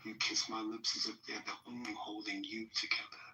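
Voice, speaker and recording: A man reciting a love poem in a soft, slow, intimate way. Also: fairly low pitch, little pitch movement, distant mic, slight background noise.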